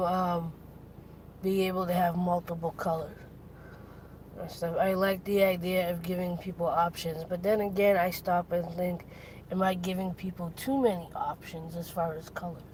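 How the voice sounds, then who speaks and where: A woman's voice: lowish voice, a little mellow, a little hiss or hum, rough recording. A tired woman talking casually in a weekly vlog update, rambling and trailing off as she thinks aloud. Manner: slow, rambling, tired and foggy. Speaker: vlogger.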